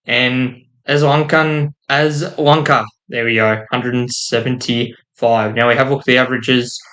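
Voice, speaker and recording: A man's voice: mid-range voice, level tone, a little fast, bright, forceful tone. A man giving casual commentary while reading out game results, stumbling over names and making self-deprecating asides. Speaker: gaming YouTuber.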